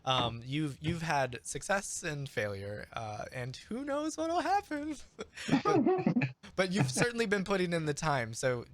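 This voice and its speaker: A man running a tabletop game as game master, joking and chuckling, with lots of halting fillers. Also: a little high, sing-song, crowd noise.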